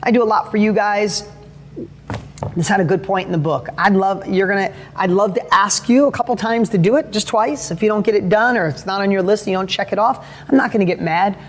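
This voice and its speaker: Man, middle-aged, high-pitched voice, motivational talk, animated storytelling, earnest, self-correcting. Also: a little fast, slight background noise. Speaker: motivational speaker.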